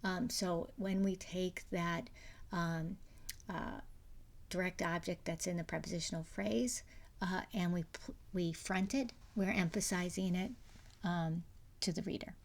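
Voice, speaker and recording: In a lowish, gravelly voice with fairly even intonation, a middle-aged university English instructor delivers a recorded lecture at a measured pace. She walks through the material step by step, often using fillers and starting over, and now and then falls to a whisper.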